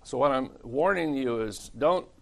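Gravelly man giving a slow warning. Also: medium pitch, lively intonation. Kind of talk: church class discussion.

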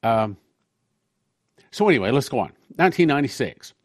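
A man's voice: medium pitch, big pitch swings, a little fast, dry recording, studio quality. A man, a pastor, giving a conversational sermon-style talk on prophecy, reading quotations aloud between his own remarks.

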